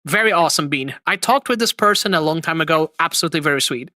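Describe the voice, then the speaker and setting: A man hosting a livestream, reacting to clips with expressive, mock-outraged chatter. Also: a little high, quick pace, dry recording. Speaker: streamer host.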